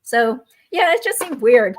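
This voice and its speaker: A woman's voice: on the high side, sing-song, unhurried. A woman, a lawyer hosting a YouTube show, talking in a friendly, conversational way on a video call. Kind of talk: casual interview chat.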